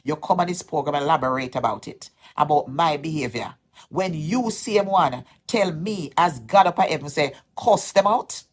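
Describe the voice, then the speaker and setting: Jamaican lady vlogger calling someone out, kinda low voice, keeps repeating herself, fed up. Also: expressive, moderate pace. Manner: aggrieved, insistent, repeats herself. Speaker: social media vlogger. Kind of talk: heated direct-to-camera callout.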